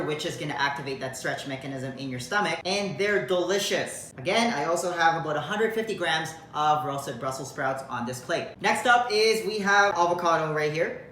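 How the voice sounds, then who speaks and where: A man's voice: a little high, sharp tone. A man talking casually to the camera as a fitness coach, upbeat and direct with a joking streak. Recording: echoey room with faint noise.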